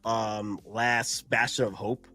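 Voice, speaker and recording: A man hosting a casual stream chat who talks in an excitable, rambling way and laughs often. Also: lowish voice, slow pace, faint music behind. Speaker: streamer host.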